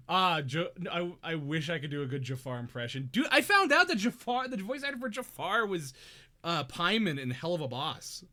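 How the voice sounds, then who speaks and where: A man's voice: fairly high pitch, very animated, moderate pace, bright, forceful tone. A young man chatting casually on a live stream from his home, giggly and rambling. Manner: giggly, rambling, self-deprecating. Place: home room.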